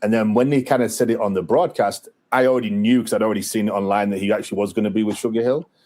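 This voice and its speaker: Male podcast co-host, low voice, loose rambling boxing talk, lots of "like" and "you know". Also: fairly even intonation, very fast, a little mellow. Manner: rambling, many fillers and restarts. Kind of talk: casual boxing chat.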